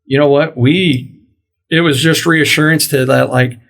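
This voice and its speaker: A middle-aged man hosting a podcast, with a voice pitched a little above most men's. He tells a story in a loose, conversational way and slips into the voices of the people he quotes, bringing their lines to life. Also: a little slow, creaky. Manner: animated storyteller, acts out quoted dialogue. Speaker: podcast host. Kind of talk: casual storytelling interview.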